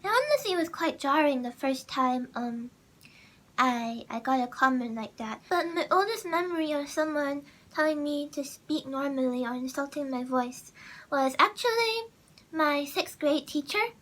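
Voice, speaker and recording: A young woman talks straight to camera in a casual vlog, her naturally very high voice sounding bright and sharp. She rambles and corrects herself, then now and then gets loud as she mocks what other people say. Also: a little slow. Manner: rambling, self-correcting, bursts into loud mocking impressions. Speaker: content creator.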